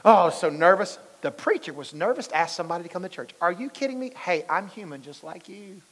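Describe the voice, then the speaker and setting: A man's voice: sits high, animated, quick pace, a bit bright, breathy edge. A male pastor giving a conversational sermon, telling stories and asking the congregation questions. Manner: storytelling, asks the congregation questions. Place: church sanctuary. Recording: long reverb of a large church hall.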